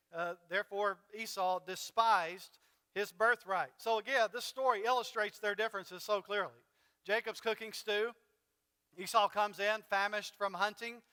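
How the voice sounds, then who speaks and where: A man's voice: sits high, bright, forceful tone, clear, resonant tone, in a large hall. A man pastor preaching a sermon in a conversational way, dramatically retelling a story with fillers. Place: church sanctuary.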